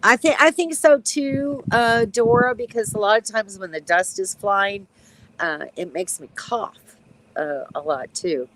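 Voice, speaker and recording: A woman in her sixties, a retired nurse, chatting casually on a live stream from her backyard, with a stuffy, runny nose, clearing her throat and chuckling. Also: mid-range voice, a little slow, a bit bright, rough recording. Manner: chatty, reads out comments, frequent ums and chuckles.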